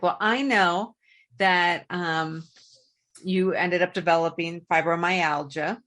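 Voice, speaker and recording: Low-voiced woman hosting an interview. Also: a bit bright. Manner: brief encouraging responses and questions. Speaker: podcast host. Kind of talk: interview host.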